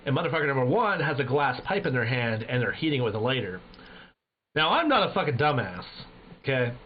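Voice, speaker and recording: A man streaming live, telling a profane story in a lively, animated way. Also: medium pitch, brisk. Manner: animated, profane, loud when acting out his own shouts. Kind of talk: casual storytelling to a live chat. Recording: dull lo-fi stream audio with faint noise.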